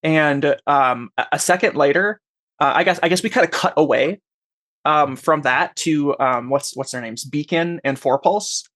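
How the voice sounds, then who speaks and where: A young man running a tabletop game who narrates in a halting, stop-start way and often fumbles for words. His voice is slightly high. The sound is dry and close. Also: a bit bright, no echo. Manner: halting, many fillers and restarts. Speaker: game master.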